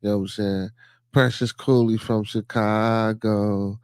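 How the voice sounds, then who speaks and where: A man's voice: lowish voice, level tone, measured pace, darkish tone, smooth, dry recording. Man, podcast host, casual stream chat, loose rambling talk, dry close sound. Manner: loose and rambling, repeats phrases, many fillers. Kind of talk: casual livestream chat with viewers.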